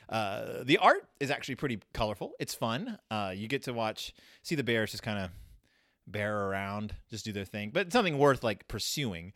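A man's voice: normal speed, no room sound, clean studio sound. A man casually hosting a podcast, reviewing a children's book in a rambling, sarcastic monologue. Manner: rambling, sarcastic, animated swings in pitch and loudness.

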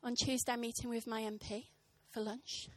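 Bright, high-voiced woman preaching. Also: normal speed, dry recording. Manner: animated, impassioned, punchy comic timing. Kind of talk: sermon with humorous storytelling. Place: church service.

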